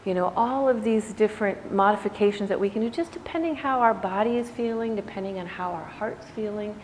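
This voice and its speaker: A woman's voice: mid-range voice, fairly quick, a little mellow. A woman yoga teacher giving a casual, reflective talk to her class, conversational and full of "you know"s. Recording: echoey room with faint background noise.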